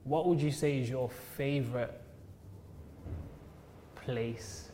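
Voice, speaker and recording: A man's voice: mid-range voice, takes it slowly, warm tone. A man hosting a casual interview, prompting his guest with easygoing questions. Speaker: host. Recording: reverberant room with faint noise.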